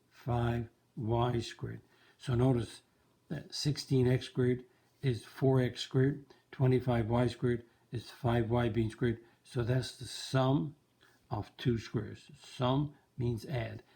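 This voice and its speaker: A man teaching a math lesson, explaining slowly and repeating key terms for emphasis. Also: mid-range voice, gravelly, mellow. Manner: slow, repetitive, emphasizing terms.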